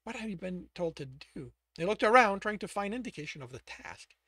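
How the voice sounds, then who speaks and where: A man narrating a dark novel, reading with expressive, sweeping pitch. He pauses to correct his own stumbles, and the recording is dry and close. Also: no echo. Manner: dramatic reading with self-corrections. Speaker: author reading his own book aloud. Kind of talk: audiobook narration.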